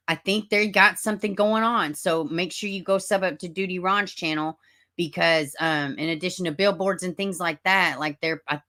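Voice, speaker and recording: A woman's voice: lowish voice, bright, forceful tone. A woman from Middle Tennessee with a Southern accent, chatting casually on a livestream, greeting viewers as honey and baby and reading their comments. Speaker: true-crime livestream host.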